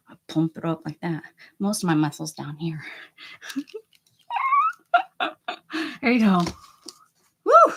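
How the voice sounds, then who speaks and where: Woman, streamer, husky voice, swings up and down in pitch, jokey, mutters to herself. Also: big pitch swings, slow pace, pauses often. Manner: chatty, self-mocking, laughs often, mutters softly to herself. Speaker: art channel host. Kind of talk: casual livestream chat. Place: at home.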